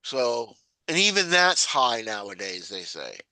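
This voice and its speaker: In a casual video-call chat, a man in the meeting tells rambling stories and imitates people with a high-pitched voice. He speaks a little slowly in a sing-song, sharp-toned way, and there's no echo.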